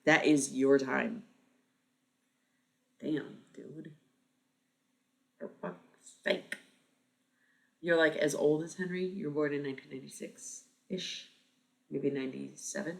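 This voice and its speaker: Casual streamer with a gravelly voice. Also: medium pitch, takes it slowly, pauses often. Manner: casual, swears freely, thinks aloud. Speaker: live streamer. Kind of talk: casual chat with stream viewers.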